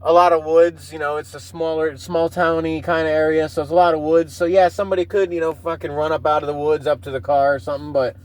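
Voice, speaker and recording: A man in his thirties with a high-pitched voice riffs through a casual solo podcast. He rambles, swears constantly and laughs at his own stories. The talk is loose and unscripted. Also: flat delivery, fast talker, hardly any pauses, poor audio. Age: 30s. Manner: profane, rambling, laughs at himself. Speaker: podcast host.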